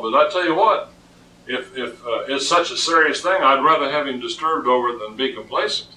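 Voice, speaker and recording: A man's voice: mid-range voice, lively intonation, a little fast, bright, forceful tone, far from the mic. A man preaching a sermon, emphatic and often repeating words as he reasons aloud, recorded in an echoey room with the voice off-mic.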